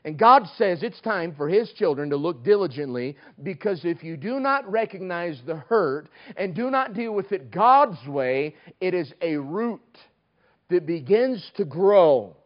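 A man preaching a sermon, swinging between loud emphatic lines and hushed ones. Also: high voice, expressive, unhurried, lo-fi sound.

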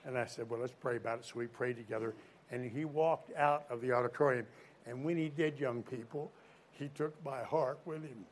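A man with a mid-range voice preaches a sermon to young people at a normal speed. He tells a story and poses questions to the crowd, swinging between loud emphasis and quiet moments.

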